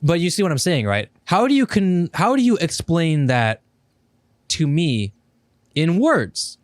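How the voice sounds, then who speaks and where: A man's voice: a little high, very animated, measured pace, no echo, studio quality. A man co-hosting a casual podcast, pressing his point emphatically and cutting in, with some swearing. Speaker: podcast co-host.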